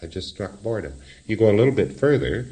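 A man's voice: lowish voice, sing-song, fast, dark tone. A man lecturing in a wry, explanatory way, often chuckling at his own examples. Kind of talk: recorded lecture.

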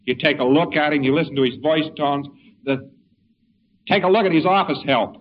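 A man's voice: on the high side, moderate pace. Folksy man lecturing on dull old tape. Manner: folksy, rambling, wry asides. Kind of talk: informal lecture to an audience. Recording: dull lo-fi recording with faint hiss.

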